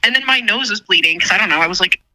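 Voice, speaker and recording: A woman's voice: mid-range voice, animated, rapid-fire, noisy background. A young woman, a guest, telling a childhood story in casual chat, swearing and mocking herself with lots of restarts. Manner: profane, self-mocking, rambling with many restarts.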